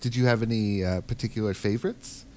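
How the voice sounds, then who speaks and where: Male co-host, relaxed game chat, lowish voice, faint hiss in the recording. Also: a little fast. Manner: thinks aloud with frequent ums. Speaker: podcast co-host. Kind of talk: casual chat about a video game.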